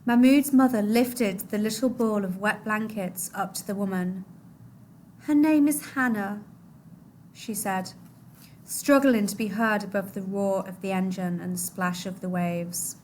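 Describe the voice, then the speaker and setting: A woman reading a novel aloud to a class, expressive, her voice dropping low and soft at the sad moments. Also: normal speed, few pauses, a little hiss or hum.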